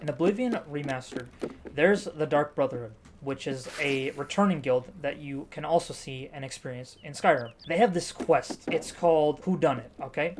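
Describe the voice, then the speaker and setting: Male gaming YouTuber, casual review over live play, jokey and animated, orders his make-believe cameraman around. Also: on the high side, slight background noise. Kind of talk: casual game review with live gameplay commentary.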